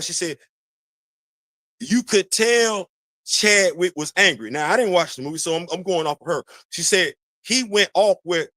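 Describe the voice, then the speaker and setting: High-pitched guy ranting on his show, aave, repeats himself a lot, dry close mic. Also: no echo. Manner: animated, preachy, repeats phrases, talks to chat. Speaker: podcast host. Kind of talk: casual commentary monologue.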